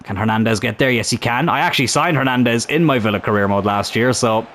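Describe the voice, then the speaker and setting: Male gaming commentator, casual, excitable at goals, light background hiss. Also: mid-range voice, fast talker. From Ireland. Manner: chatty, breaks into excited shouts at big chances and goals. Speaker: gaming YouTuber commentating his own match.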